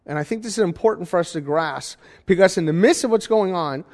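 Guy preaching in a big echoey church, bit higher pitched, chatty and asks the crowd stuff. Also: brisk, a little mellow. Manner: conversational, asks the congregation questions. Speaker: pastor. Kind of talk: sermon. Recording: reverberant hall.

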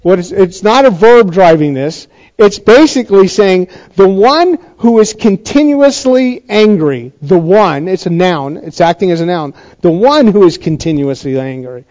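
A man's voice: high voice, animated, measured pace, darkish tone, highs cut off. A male pastor giving a sermon in a chatty, conversational way, often restarting his sentences.

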